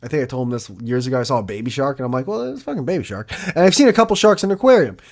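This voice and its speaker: A man's voice: medium pitch, very animated, very fast, darkish tone. A man hosting a solo podcast, rambling and self-mocking, swearing often. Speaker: podcast host.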